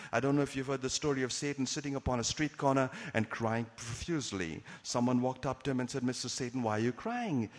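Man preaching a dramatic sermon in a reverberant hall. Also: medium pitch. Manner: dramatic storytelling with rhetorical questions.

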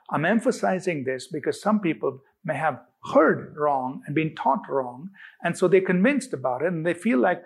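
A male pastor delivering a sermon with a slightly husky, breathy voice pitched a little high. He presses his points hard, repeats phrases and slows right down on the words he wants to land. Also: expressive. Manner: emphatic, repeating phrases with drawn-out stresses.

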